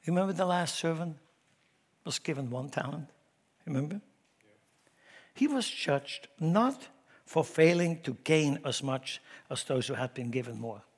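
A man preaching a sermon to his congregation, swinging between loud emphatic declarations and low asides, often repeating words and asking the room questions. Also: measured pace, slightly rough. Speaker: pastor. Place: church.

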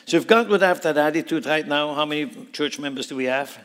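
A man's voice: a little high, quick pace, a bit bright. Preacher man in a reverberant hall. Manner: dramatic, voices biblical dialogue with rising intensity. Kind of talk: sermon.

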